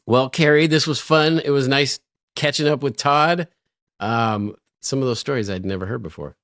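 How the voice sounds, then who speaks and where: A middle-aged man co-hosting a podcast, telling stories in an animated way and laughing often. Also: medium pitch, normal speed, no echo, studio quality. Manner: animated storyteller, laughs a lot. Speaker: podcast co-host. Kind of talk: casual podcast chat.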